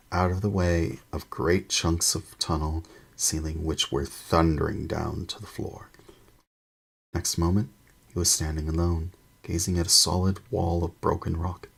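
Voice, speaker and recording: Deep guy reading a storybook aloud, slow and breathy. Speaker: streamer reading a book aloud. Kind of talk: storybook narration.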